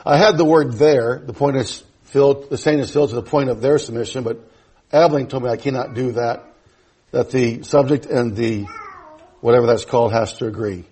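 A man's voice: medium pitch, fairly even intonation, brisk, mellow, breathy edge. A male preacher giving a teaching sermon in church, folksy and emphatic, with joking asides to the congregation.

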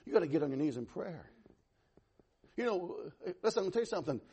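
Male pastor, high husky voice, animated sermon, loud-to-soft swings, folksy humor. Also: quick pace. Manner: conversational, self-deprecating humor.

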